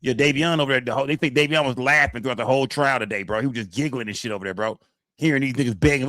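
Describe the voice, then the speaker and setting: A man rattles along at a quick clip in loose, profane slang, circling back over the same phrases as he talks to his live-stream chat. His voice sits at an ordinary pitch and sounds dry and close, with almost no room around it. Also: fairly bright tone, no room sound. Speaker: streamer reacting to court footage. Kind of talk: casual live-stream commentary.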